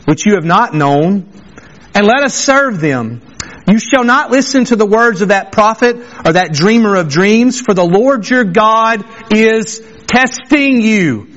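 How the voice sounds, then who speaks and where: A man with a high voice preaches a sermon, stressing his points by saying them again. The recording sounds dull and lo-fi. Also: fairly bright tone. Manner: emphatic, repeats phrases for stress.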